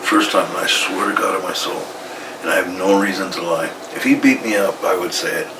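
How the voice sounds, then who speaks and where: A man's voice: low-pitched, a little fast, noisy background. A man, a former wrestler, bluntly telling an old backstage story in an interview and acting out each argument with plenty of swearing. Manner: blunt, profane, retells arguments in quoted dialogue. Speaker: retired pro wrestler guest. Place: indoor room with a coffee maker. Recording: echoey room, distant mic.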